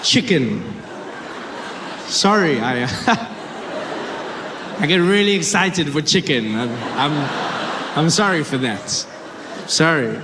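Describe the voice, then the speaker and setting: Animated man doing stand-up. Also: measured pace, background noise. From South Africa. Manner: animated storytelling, jumps up high for emphasis, drops low in asides. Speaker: stand-up comedian. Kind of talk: stand-up comedy set. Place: large live venue. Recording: stage mic in reverberant hall, loud audience.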